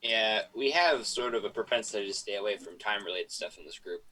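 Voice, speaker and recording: A man playing a tabletop role-playing game, making low-key remarks in casual chat. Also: quick pace, pushed and bright, rough recording. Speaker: player.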